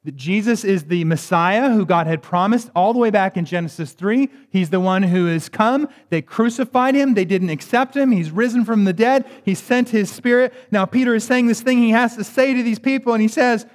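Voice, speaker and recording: A man with a high voice preaches a sermon, reading scripture aloud and unpacking it in a conversational, emphatic way with wry asides. His voice rings out with a long hall reverb, as if recorded in a church sanctuary. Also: moderate pace, few pauses.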